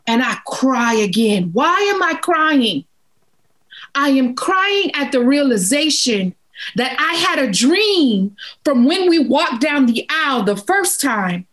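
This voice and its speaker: A woman speaks slowly in a high register, leaning on each phrase as she gives advice about grief. She repeats lines for emphasis, earnest and steady as an interview guest. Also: low-quality recording.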